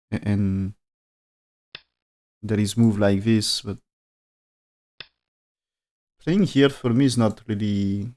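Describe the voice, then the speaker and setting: A man's voice: mid-range voice, a little mellow. A man commentating a go game on a live stream, thinking aloud in non-native English with frequent restarts and dropped articles.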